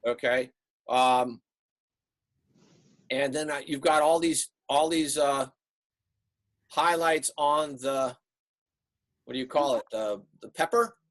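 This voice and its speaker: A man teaching an online art class over a video call, relaxed and rambling with many fillers. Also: medium pitch, slow, pauses often. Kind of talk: online class lecture and critique.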